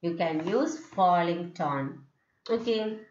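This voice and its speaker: A woman's voice: lowish voice, lively intonation, slow pace, background noise. A woman teacher explaining English intonation in a lesson, often saying "okay" and reading out examples. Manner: explanatory, frequent "okay" fillers, reads examples aloud. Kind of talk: lecture on intonation. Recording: echoey room, dull lo-fi sound.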